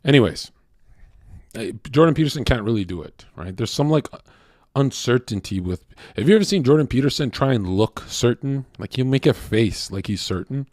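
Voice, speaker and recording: A young man ranting casually on a livestream, profane and rambling, with many restarts and rhetorical questions, swinging from loud and worked up to low muttering. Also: expressive, moderate pace, no echo, studio quality. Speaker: streamer.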